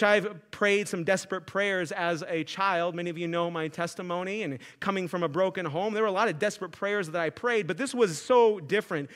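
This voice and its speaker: A pastor in his thirties preaches an earnest sermon, rising into emphatic, fervent passages. His voice sits high and carries a bright, forceful edge. He talks in a loose, conversational way, with "like" dropped in often.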